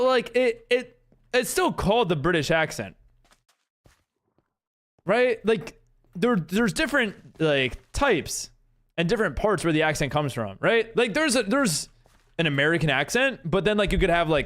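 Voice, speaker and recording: A man's voice: on the high side, fairly bright tone, clean tone. A man streaming a game live, casually chatting and answering his viewers' messages with rambling talk and frequent giggles. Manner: rambling, giggly, reads chat aloud.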